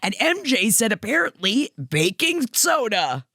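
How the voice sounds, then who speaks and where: Animated woman co-host, gushing. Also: a little high, a little slow, creaky, no echo, clean studio sound. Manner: animated, gushing, acts out voices. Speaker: podcast co-host. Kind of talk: casual chat.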